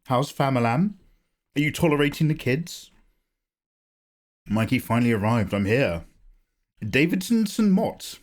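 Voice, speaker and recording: A man chats with his stream audience while he draws, joking and greeting people by name. His voice is a little hoarse from a cough. He sits at a middle pitch and keeps a loose, casual flow. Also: animated, moderate pace, pauses often. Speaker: art streamer. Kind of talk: casual live-stream chat.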